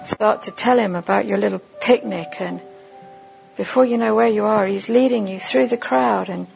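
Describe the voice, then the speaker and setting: A woman giving a sermon at a conference, leading listeners through a vivid imagined story in a slow, deliberate second-person voice. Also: mid-range voice, vocal fry, darkish tone, soft background music, rough recording. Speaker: conference speaker.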